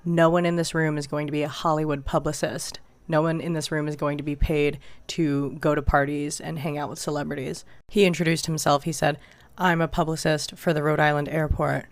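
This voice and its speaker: A speaker telling a short story to camera in a wry, deadpan way. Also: medium pitch, a little fast, dry recording.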